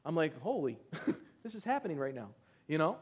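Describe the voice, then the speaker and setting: A man's voice: a little high, sing-song, breathy edge. A middle-aged male pastor preaching a sermon, reading scripture with emphasis and urging his congregation to respond. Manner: exhorting, calls for congregation responses; reads scripture emphatically, slowing on key phrases.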